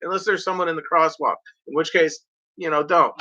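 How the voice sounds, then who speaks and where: A man's voice: fairly high pitch, fairly even intonation, a little fast, sharp tone. A man in a rambling, profane vlog rant, talking casually at home in front of a blanket. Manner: rambling, profane, mock-voices other drivers. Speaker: vlogger. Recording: dull lo-fi home recording.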